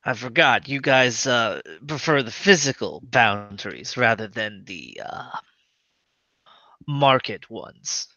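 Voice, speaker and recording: A tabletop role-play player who talks slowly and hesitantly, with many fillers, in and out of character. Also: mid-range voice, lively intonation, pushed and bright, no echo, highs cut off.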